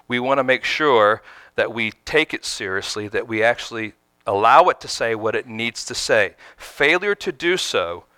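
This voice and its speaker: A man preaching with a bright, forceful voice that stays smooth and crisp. He presses his points emphatically and keeps turning to the congregation with questions. The sound is close and dry. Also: medium pitch, no room sound. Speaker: pastor. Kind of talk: sermon.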